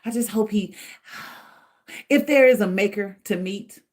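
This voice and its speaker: A middle-aged woman hosting a casual livestream, chatting in an animated way and laughing often. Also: mid-range voice, unhurried. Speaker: livestream host.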